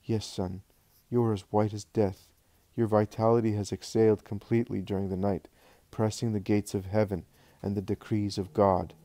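A loving, grieving mother, read by a man in a devotional storybook reading. She speaks softly and tenderly in a low, dark voice. The recording is dry. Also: flat delivery, normal speed, hardly any pauses, no echo, lightly acted. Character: Mary, loving sorrowful mother, woman.

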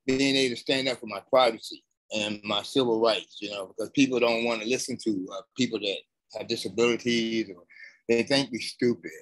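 Man, halting speech, aggrieved, dry close sound, online call. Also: medium pitch, fairly even intonation, fairly bright tone, dry recording, poor audio. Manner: halting, searching for words, aggrieved. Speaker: conference attendee. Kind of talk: emotional personal testimony.

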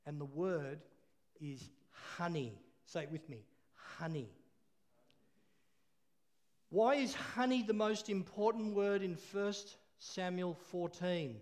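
A man's voice: sits high, measured pace, hardly any pauses, darkish tone. A man preaching a sermon, telling a story with laughs and call-and-response.

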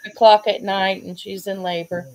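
A woman with a Southern US accent, hosting a stream and telling stories in a casual, animated way, laughing often. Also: mid-range voice, normal speed. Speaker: host. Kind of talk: casual storytelling chat.

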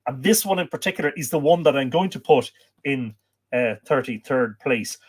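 Irish male livestream host, medium pitch, casual and rambling, reads chat aloud. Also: expressive, moderate pace, husky. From Ireland. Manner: chatty, reads viewer comments aloud, many fillers.

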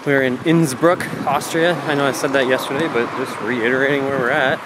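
Young man, casual travel vlog host, jokey and rambling, mid-range voice, clear background noise on a handheld recording. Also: mid-range voice, fairly even intonation, a little fast. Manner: joking, chatty, rambling. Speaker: travel vlogger. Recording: handheld camera with ambient noise.

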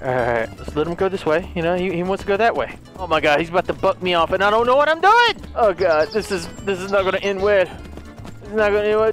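A young man doing excitable, playful solo gameplay commentary, swearing casually as he goes. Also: sits high, fast talker, soft background music. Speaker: gaming YouTuber.

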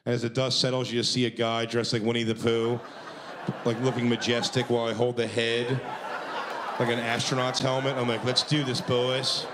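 A man's voice: medium pitch, level tone, brisk, background noise. Profane male stand-up storyteller. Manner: profane, laughs through his lines. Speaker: stand-up comedian. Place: comedy club stage.

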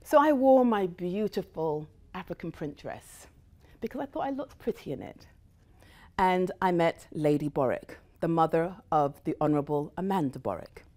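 Woman, middle-aged, grew up in the United States, motivational talk, animated storyteller, varied pitch. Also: moderate pace. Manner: animated storyteller, shifting into quoted voices. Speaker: guest speaker. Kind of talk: motivational talk to a live audience.

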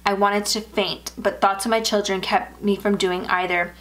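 A woman reads a first-person horror story aloud. Her delivery is steady and measured, and her voice sits at a middling pitch for a woman. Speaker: story narrator.

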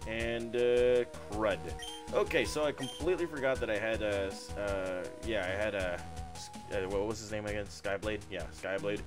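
A man's voice: lowish voice, normal speed. A man giving casual, offhand walkthrough commentary on a video game, joking and trailing off into mumbles. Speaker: gameplay commentator. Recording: video game music underneath. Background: game music.

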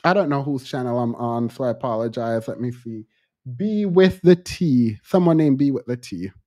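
A man co-hosting a casual commentary podcast, reacting in an animated, exasperated way. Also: normal speed. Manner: animated, exasperated commentary with sudden pitch jumps. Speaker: podcast co-host.

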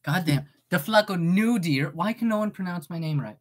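Lively, goofy eighteen-year-old woman streamer. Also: fairly low pitch, moderate pace, noisy background. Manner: goofy, swearing, bursts into yelps. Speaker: streamer and voice actor. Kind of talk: casual stream chat.

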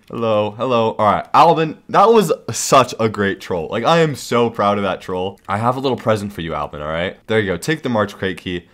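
A young man giving casual, excitable commentary over gameplay, talking to himself and narrating what other players do. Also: on the low side, moderate pace. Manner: excitable, giggly, talks to himself while trolling players. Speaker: Minecraft server owner and YouTuber.

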